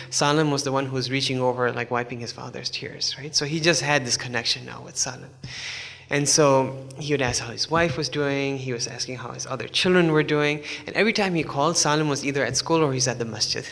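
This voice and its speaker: Male preacher, gravelly and forceful, casual storytelling, long hall echo. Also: medium pitch, brisk. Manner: conversational, with many asides and fillers. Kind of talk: sermon storytelling.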